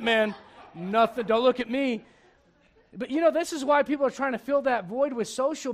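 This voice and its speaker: High-voiced preacher telling funny stories. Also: male voice. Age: adult. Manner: animated storytelling, acting out dialogue, laughing. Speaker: pastor. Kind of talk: sermon.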